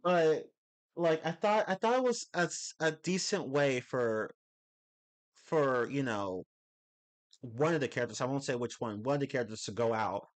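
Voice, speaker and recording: Here a streamer with a medium-pitched voice sounds animated, talking at normal speed. His casual livestream rant wanders, full of false starts and laughter woven through what he's saying.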